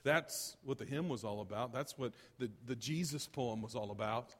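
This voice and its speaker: A man preaching a sermon as pastor, animated and rising to loud emphatic bursts. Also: mid-range voice, normal speed, big-room sound.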